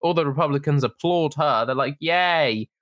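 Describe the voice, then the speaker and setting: A man's voice: a little high, normal speed, a bit bright, a little hiss or hum. A young man co-hosting a casual podcast, talking in an indignant, sarcastic way. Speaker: podcast co-host. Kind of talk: casual opinion chat.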